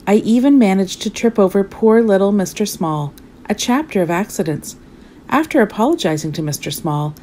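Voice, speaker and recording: A woman reading a storybook as a clumsy, cheerful male character, telling his own tale of mishaps in a lively, rueful way. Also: lowish voice.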